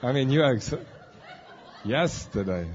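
A man preaching a lively sermon in a church, joking and teasing the congregation as he demonstrates a point. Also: medium pitch, a little slow, highs cut off, a faint crowd. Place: church hall.

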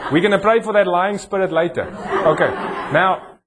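A man's voice: high-pitched, moderate pace, crowd noise, noisy background. A man pastor with a South African accent, preaching a sermon in a church and joking with a volunteer. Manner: jokey, teasing with a volunteer, preaching with rising emphasis. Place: church hall.

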